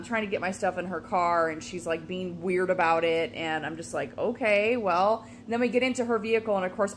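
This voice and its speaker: A woman's voice: fairly low pitch, a bit bright, a little hiss or hum. A woman telling a story in a casual vlog, venting and swearing often. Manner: swears a lot, vents frustration. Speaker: vlogger.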